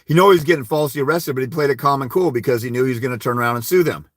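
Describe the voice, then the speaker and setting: A man's voice: mid-range voice, rapid-fire, dry recording, studio quality. A blunt, profane man giving casual legal advice to fathers on a livestream, telling stories with quoted dialogue. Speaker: host of a fathers' rights livestream.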